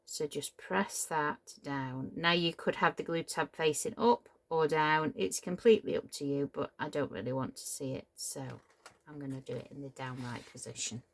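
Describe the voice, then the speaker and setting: Her voice is deep and her pace moderate as this middle-aged woman from Cheshire, England, shows how to put together a papercraft model. The tutorial is casual, full of chatter, apologies and side tangents.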